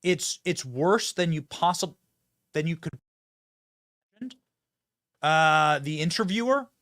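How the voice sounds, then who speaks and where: Lively sarcastic male commentator. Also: on the high side, no room sound, clean studio sound. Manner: animated, sarcastic, chatty. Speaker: host. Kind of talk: political commentary.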